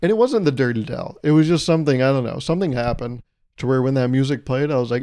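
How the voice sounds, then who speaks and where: A man's voice: mid-range voice, lively intonation, fast talker, dark tone. A man hosting a solo comedy podcast, rambling through stories in a self-mocking way and laughing often. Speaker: podcast host.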